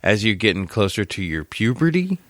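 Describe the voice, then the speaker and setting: A man in his thirties co-hosting a podcast, telling crude jokes and animated stories. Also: fairly low pitch, a little fast, dry recording, studio quality. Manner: crude joking, animated storytelling. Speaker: podcast co-host. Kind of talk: casual crude chat.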